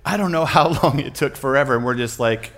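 A man's voice: mid-range voice, fairly quick, fairly bright tone. A middle-aged man preaching, telling a family story with self-mocking humor and often breaking into laughter.

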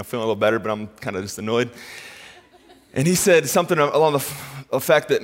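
A man's voice: lowish voice, quick pace. A man in his thirties, a pastor, telling a funny personal story in a sermon and acting out the people in it. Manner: animated, self-mocking storyteller who acts out quotes. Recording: long hall reverb.

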